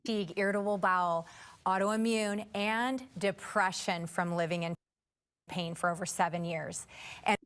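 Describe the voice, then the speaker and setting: Female doctor-author, mid-pitched voice, measured and rehearsed delivery. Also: steady tone, fairly bright tone, clear, resonant tone. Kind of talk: TV interview self-introduction.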